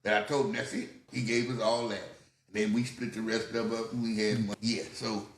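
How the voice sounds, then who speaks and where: A man's voice: on the low side, flat delivery, a little fast, a little hiss or hum. An older man telling stories about his youth in casual podcast talk, acting out other people's voices, swearing freely and laughing often. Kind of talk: casual storytelling. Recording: echoey room.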